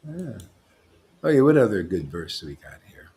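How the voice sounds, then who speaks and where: A man's voice: lowish voice, moderate pace. A man preaching a devotional class in a fervent, rambling way, quoting verses, calling out to the listeners and often tacking "man" onto his lines. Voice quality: excitable, loud bursts, laughs and shouts, slangy with "man".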